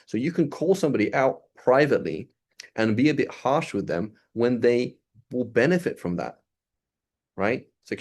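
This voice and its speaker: A man teaching a religious lesson in a casual, conversational way, acting out little dialogues as he goes. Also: mid-range voice. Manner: animated, acts out dialogue in quick asides. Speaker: Islamic teacher.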